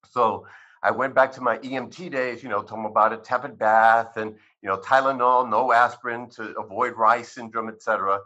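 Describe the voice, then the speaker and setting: A man's voice: on the low side, fairly quick. A man in his fifties, a physician guest, telling his life story in an interview and acting out the conversations he recalls. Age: 50s. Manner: animated storyteller who acts out dialogue. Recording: dull lo-fi sound.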